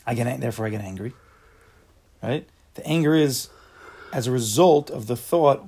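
A man teaches a casual Torah class, reading a text and then explaining it in plain words. His voice is gravelly and a little husky. He acts out angry everyday voices and keeps putting questions to the class. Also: mid-range voice, moderate pace, long pauses, a little mellow.

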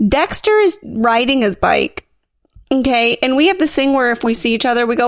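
A woman in her thirties co-hosting a podcast, telling an animated, self-mocking story in casual chat. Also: fairly high pitch, normal speed, dry recording. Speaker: podcast co-host.

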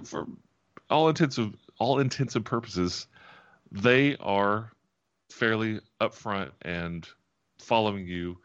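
A man from Tennessee hosting and narrating as game master in a relaxed, rambling way, chuckling often. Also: fairly low pitch. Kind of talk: narrating a tabletop game and chatting. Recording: dull lo-fi audio.

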